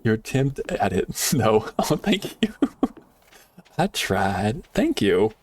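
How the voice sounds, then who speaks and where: A man streaming a game live, chatting casually with viewers and swinging from excited shouts to quiet muttering. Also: on the low side, slow pace. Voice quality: animated, laughs often, jumps between excited shouts and quiet muttering.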